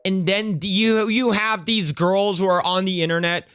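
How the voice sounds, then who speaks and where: Excitable, profane male streamer ranting. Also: high-pitched, moderate pace, faint music behind. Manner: excitable, profane, stammers and restarts. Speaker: streamer reacting to clips. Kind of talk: casual reaction rant.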